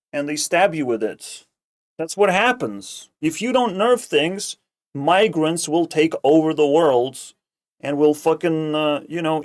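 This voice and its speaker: A man's voice: fairly high pitch, a little mellow. A man ranting sarcastically as a streamer, swearing constantly and rambling. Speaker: streamer reacting to a video. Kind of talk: casual profane rant.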